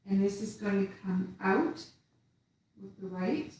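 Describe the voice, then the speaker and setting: A woman teaching tai chi, calmly talking through each step and movement. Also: mid-range voice, unhurried. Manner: calm, instructive, counting out steps. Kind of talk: guided movement lesson. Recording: echoey room from far off.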